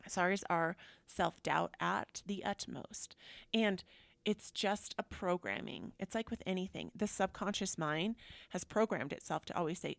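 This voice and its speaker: Woman podcast host, casual storytelling, gravelly tone, dry close sound. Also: on the low side, moderate pace, no echo. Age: adult. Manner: chatty and animated, acting out quotes.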